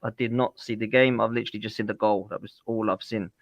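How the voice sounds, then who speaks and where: A man's voice: on the low side, fairly even intonation, fast, dry recording, lo-fi sound. Guy hosting a footy podcast, laid back, teasing his mates, dry close mic. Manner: laid-back, teasing, says "man" and "bruv". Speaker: podcast host. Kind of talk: casual podcast banter.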